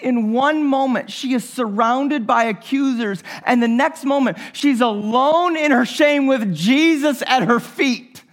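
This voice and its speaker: A man's voice: a little slow, few pauses. A man preaching a sermon as pastor, earnest and searching, often repeating words as he reaches for what to say. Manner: earnest, repeats words, drops to a soft low voice for tender moments.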